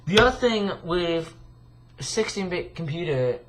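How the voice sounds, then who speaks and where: Tired, croaky young man rambling. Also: high voice, expressive, unhurried, noisy background. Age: young adult. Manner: rambling, many fillers and restarts. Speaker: vlogger. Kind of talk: casual rambling vlog.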